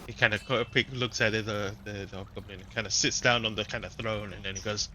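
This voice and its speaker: A man narrating as game master in a tabletop game, halting with many fillers. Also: lowish voice, fairly even intonation, noisy background.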